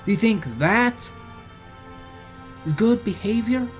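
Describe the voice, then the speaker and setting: A man's voice: a little high, normal speed, pauses often, soft background music. A young man in his early twenties talking casually to camera, giving parenting advice and asking rhetorical questions. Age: young adult. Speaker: vlogger.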